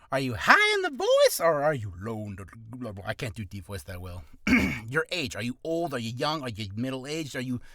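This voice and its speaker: A man's voice: mid-range voice, fairly bright tone, no echo, clean studio sound. A man who is an aspiring voice actor, casually and self-deprecatingly explaining voice acting tips in a rambling way. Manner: rambling, self-deprecating, breaks into quick voice demos.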